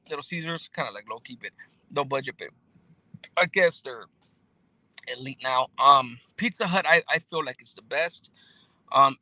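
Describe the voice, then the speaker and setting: A man's voice: on the high side, bright, forceful tone, dry recording, rough recording. Laid-back slangy man reading chat. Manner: laid-back, slangy, many fillers and restarts. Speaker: YouTuber reading live chat. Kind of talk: casual livestream chat.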